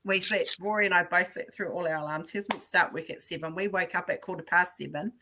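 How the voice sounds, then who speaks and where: A woman's voice: fairly low pitch, fairly quick, pushed and bright, a little hiss or hum. A woman hosting a casual livestream chat, greeting viewers by name and telling stories. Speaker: livestream host.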